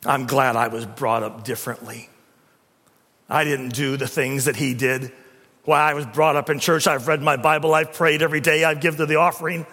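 A man's voice: mid-range voice, flat delivery, moderate pace, pushed and bright. A preacher doing a smug self-righteous man praying. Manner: smug, boastful. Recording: long reverb of a hall.

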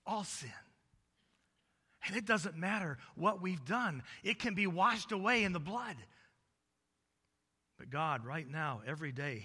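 A man preaches a sermon with a bright, forceful voice that rings through the long reverb of a large hall. His pitch sits a little high, and he swings between loud emphatic peaks and low quiet passages, leaning on repeated words. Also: husky. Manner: repetitive preaching cadence.

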